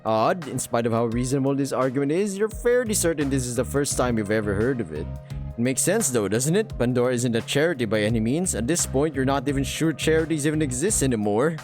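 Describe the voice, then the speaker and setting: A man's voice: mid-range voice, lively intonation, quick pace, music in the background. A man reading a visual novel aloud for his channel, mixing the narration with dry, joking asides.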